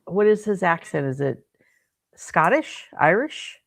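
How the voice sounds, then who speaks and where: A woman's voice: on the low side, big pitch swings, slow pace, vocal fry. A woman on a casual live stream, mostly giving short agreeing replies and asking curious questions.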